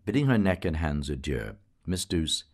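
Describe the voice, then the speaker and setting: Man, deep voice, lively intonation, lyrical literary narration. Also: moderate pace. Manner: lyrical, musical reading with voiced characters. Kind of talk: literary audiobook reading.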